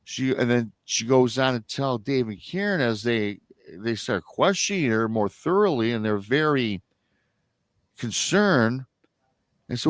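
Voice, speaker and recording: A man's voice: mid-range voice, lively intonation, measured pace, dry recording. Rambling man telling a family story. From Michigan. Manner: rambling, with restarts and acted-out quotes of family members. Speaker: guest storyteller. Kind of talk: casual storytelling on a live stream.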